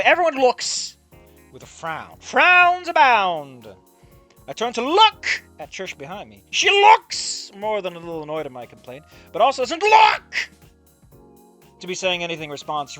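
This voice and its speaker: Casting note: profane, exasperated fan fiction critic with a bright, lively voice. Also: mid-range voice, normal speed, faint music behind. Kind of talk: reading fan fiction aloud with comedic commentary.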